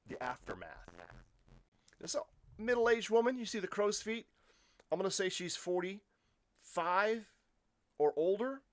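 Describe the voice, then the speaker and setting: A man on a live stream, sounding off to his viewers in a somewhat high voice. He talks casually and opinionatedly, piling up rhetorical questions and stumbling over restarts. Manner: addresses viewers as folks. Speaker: livestream commentator. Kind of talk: casual livestream commentary. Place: Poland.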